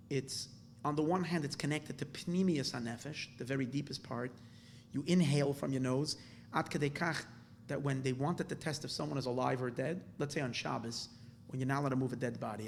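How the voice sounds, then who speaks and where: A man, a rabbi, teaching a Torah class to a live audience in an animated, excitable way, often repeating words and restarting, with Hebrew terms woven into his talk. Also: a little high, vocal fry, slight background noise.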